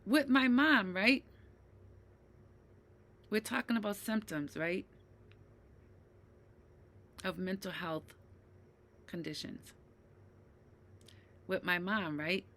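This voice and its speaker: Woman in her fifties, unhurried personal talk, bright tone, emphatic and often asking "right?". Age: 50s. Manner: swings from low and quiet to loud and heated. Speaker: mental health vlogger.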